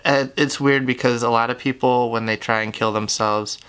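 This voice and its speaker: A young man telling his own story to the camera, candid and halting, with lots of fillers and swearing. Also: medium pitch, steady tone, a bit bright, clear, resonant tone. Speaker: YouTuber. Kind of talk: confessional storytelling.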